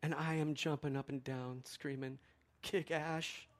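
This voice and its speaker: A middle-aged male pastor telling a lively story in a sermon, swinging from excited exclamations to quiet, earnest reflection. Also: mid-range voice, normal speed.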